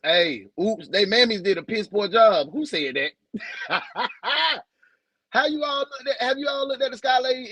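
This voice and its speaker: A young man with a Southern US accent hosts a casual livestream, joking loosely, using slang, and greeting viewers by name. His voice is high and a bit bright, with no echo but poor audio quality.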